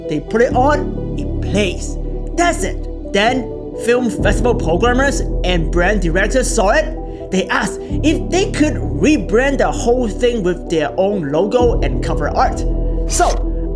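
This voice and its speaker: A man's voice: high-pitched, very animated, slow pace. A man hosting a tech channel, narrating a product tutorial in earnest, explanatory short sentences. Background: background music.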